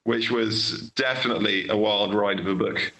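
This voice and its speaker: A young man from Britain, a guest writer in a casual podcast conversation, speaking in a thoughtful, measured way with many pauses and fillers. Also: fairly low pitch, gravelly, sharp tone, a little hiss or hum, rough recording.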